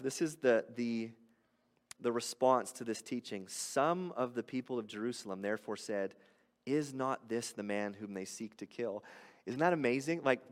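A man preaching a sermon as a pastor, explaining scripture in a conversational, animated way that builds to loud emphasis. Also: mid-range voice, big-room sound.

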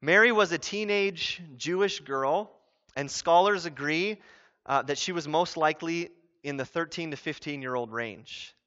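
High-voiced pastor preaching conversationally. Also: male voice, a little slow. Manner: conversational, earnest, animated. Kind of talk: sermon. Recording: dull lo-fi sound.

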